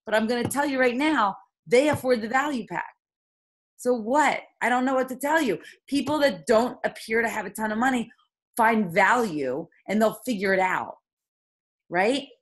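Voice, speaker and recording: A woman leading a motivational team call, talking in an emphatic, heated way with quick rhetorical questions. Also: fairly high pitch. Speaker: team leader coaching her sales team.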